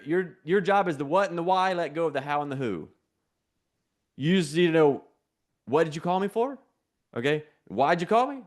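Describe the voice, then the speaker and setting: A fairly high-pitched man preaching with energy and a conversational edge. He repeats his key phrases and has the listeners say them back to him. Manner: call-and-response, repetitive. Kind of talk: sermon.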